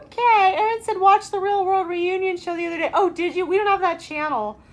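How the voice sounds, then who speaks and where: Bubbly high-voiced woman hosting a live chat. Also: fairly quick. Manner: bubbly, greets viewers by name with sing-song calls. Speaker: show host. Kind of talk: casual live-stream chat.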